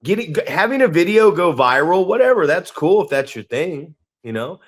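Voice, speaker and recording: A man's voice: fairly high pitch, very animated, normal speed. A man co-hosting a podcast, ranting in a casual, profane, emphatic way. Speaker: podcast co-host.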